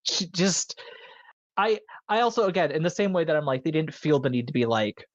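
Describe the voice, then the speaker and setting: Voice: mid-range voice, big pitch swings, brisk, no echo. A podcast co-host in a casual film discussion, talking with enthusiasm and rambling with many fillers. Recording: dull lo-fi dry recording.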